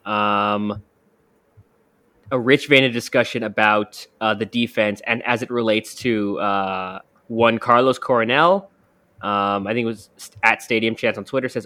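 A man's voice: on the low side, fairly even intonation, a little slow, pushed and bright, clean tone. A man co-hosting a casual sports podcast, easygoing and loose with "uh" and "um". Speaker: podcast co-host.

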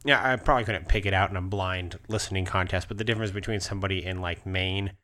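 Brief: male interview host, slightly low voice, loose rambling delivery. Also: steady tone, quick pace, sharp tone. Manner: rambling, many fillers and restarts, laughs often. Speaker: podcast host. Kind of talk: casual interview chat.

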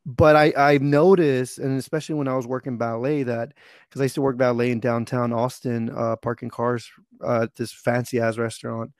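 A man's voice: mid-range voice, normal speed, dry recording, clean studio sound. A young man from Texas telling a rambling, profane story in casual podcast chat. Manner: rambling, profane, animated retelling.

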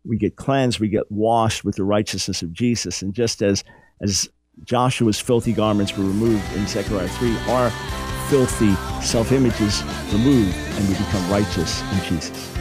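A man hosts a radio show, teaching a Bible passage in an earnest, emphatic manner. His pitch rises when he dramatizes the speakers in the text. He talks at a normal speed over music.

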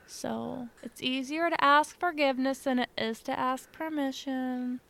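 Smooth-voiced young woman telling stories. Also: high-pitched, steady tone, measured pace, a bit bright. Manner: chatty, sarcastic storytelling. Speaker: podcast co-host. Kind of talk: casual chat.

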